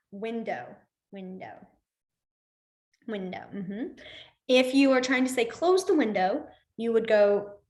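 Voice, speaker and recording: A young woman with a slightly high voice runs an online beginner class from a room in her home. She talks in a loose, chatty way, wandering into side stories and going soft and low whenever she pauses to demonstrate. The sound carries a noticeable room echo from her computer mic. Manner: chatty, drifts into asides, trails off quietly while demonstrating signs. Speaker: sign language teacher. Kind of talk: casual online class instruction. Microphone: computer mic on a video call.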